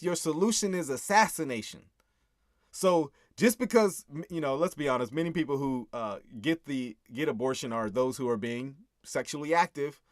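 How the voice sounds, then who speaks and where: A man's voice: medium pitch, dry recording, studio quality. A man hosting a casual breakdown of his own song, talking earnestly and often tagging his points with "right?". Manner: earnest, keeps asking "right?", chuckles. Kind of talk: casual commentary.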